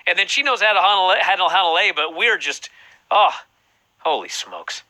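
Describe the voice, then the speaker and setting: A man hosting a casual podcast chat, telling stories in an animated, profane way. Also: high voice, quick pace, dry recording, rough recording. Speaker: podcast host.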